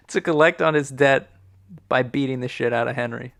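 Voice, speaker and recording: Male improv comedian, gravelly, dry close mic, incredulous questioner. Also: mid-range voice, normal speed, a bit bright, no echo. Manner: incredulous, probing questions with laughs. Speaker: improv comedy podcast co-host. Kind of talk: improvised comedy chat in character.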